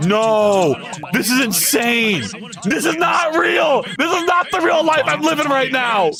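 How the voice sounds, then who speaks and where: A man's voice: very high voice, animated, measured pace, a crowd in the background. A man streaming his game development live, talking to chat in a frantic, exclaiming way with a lot of swearing.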